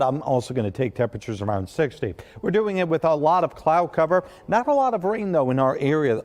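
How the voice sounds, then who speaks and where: A man's voice: mid-range voice, darkish tone. A man giving a morning TV weather forecast in a chatty, conversational way. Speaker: meteorologist.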